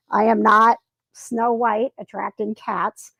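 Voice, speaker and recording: A woman's voice: on the high side, steady tone, normal speed, a bit bright, dry recording, rough recording. A woman hosting a live reading of her own book at home, chatting, sweet-talking her cats and correcting her slips as she goes. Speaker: author and channel host. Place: home, by a Christmas tree and fire.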